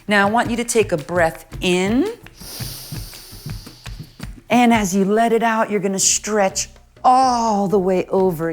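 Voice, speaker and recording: A middle-aged woman leads kids through a stretching warm-up, guiding each move step by step. Her voice is of ordinary pitch and she praises often in a playful, encouraging way. Faint music plays behind her. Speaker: children's music and movement teacher. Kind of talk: guided stretching instruction for kids.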